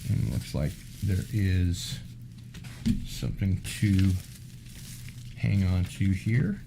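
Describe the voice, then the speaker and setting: A man hosting a casual unboxing video, talking in an unhurried way with wry asides. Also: low voice, lively intonation, vocal fry, noisy background. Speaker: unboxing vlog host.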